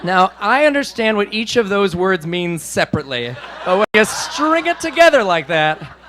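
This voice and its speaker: Male comedian, high voice, animated, self-deprecating, stage mic, live club set. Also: normal speed, slight background noise. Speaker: stand-up comedian.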